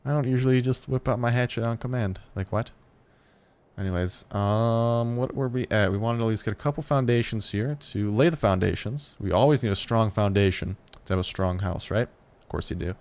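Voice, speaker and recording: Late at night and clearly tired, a young gaming YouTuber chats casually through a let's play in a fairly low, slightly mellow voice at a brisk pace. He curses freely, keeps restarting his sentences, and every so often his voice shoots up in surprised disbelief.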